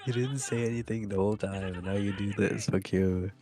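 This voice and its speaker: A man's voice: on the low side, steady tone, a little fast, over music. A young man from Europe chatting while gaming, reacting with bewilderment and exasperation. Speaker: gaming friend. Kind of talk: casual gaming chat.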